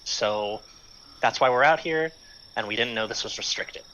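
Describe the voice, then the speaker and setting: A man with a bright, forward voice plays a tabletop game, rambling through his plan with stammered restarts. His mic sounds dull and lo-fi, with faint background hiss. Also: medium pitch, normal speed. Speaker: player. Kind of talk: casual tabletop game chat.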